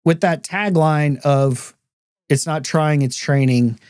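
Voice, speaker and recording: A man's voice: on the high side, takes it slowly, a little mellow, clean tone, dry recording, clean studio sound. A man hosting a podcast, chatting casually and laughing easily, with plenty of fillers. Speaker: podcast host.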